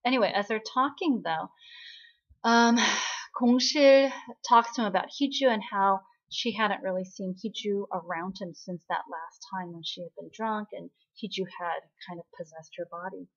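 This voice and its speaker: Woman, casual drama-recap host, bubbly storyteller, mid-pitched, slightly muffled lo-fi audio. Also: steady tone, normal speed. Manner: chatty, bubbly storytelling with frequent "right?" and "um".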